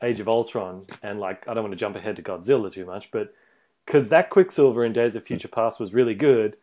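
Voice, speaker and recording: A man's voice: on the low side, fairly quick, a little mellow. A man, co-hosting a podcast, talking about films in a rambling way with lots of fillers and laughs. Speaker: podcast co-host. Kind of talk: casual movie chat.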